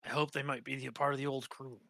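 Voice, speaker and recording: A man's voice: medium pitch, little pitch movement, quick pace, vocal fry, a bit bright, no echo. A man voicing a wary, homesick male sailor who speaks plainly and calls others buddy or friend. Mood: weary. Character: weary homesick male sailor, former crew.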